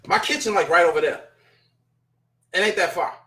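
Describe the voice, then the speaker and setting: Speaking at normal speed in a high, pushed, bright voice, a man talks casually to his chat on his own show. His live-stream commentary turns into a blunt, profane rant full of exasperation.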